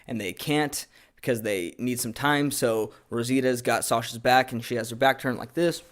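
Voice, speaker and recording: A young man giving a casual, rambling recap and review of a TV episode, with plenty of fillers. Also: mid-range voice. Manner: laid-back, rambling with fillers.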